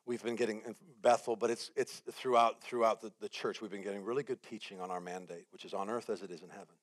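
A man preaching a sermon as guest speaker, telling a story with lively acted-out quotes and building repeated phrases. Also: on the low side, fast. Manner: animated storytelling, acts out his own panic and quotes.

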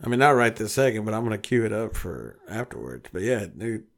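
Man co-host; loose, cussing, animated storyteller. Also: lowish voice, a little fast, creaky. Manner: profane, animated storytelling with voiced quotes. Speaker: podcast co-host. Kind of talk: casual chat.

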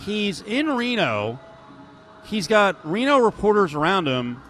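A man's voice: high-pitched, sing-song, a little slow, a bit bright. A man co-hosting a sports radio show, bantering casually with a sarcastic, joking edge.

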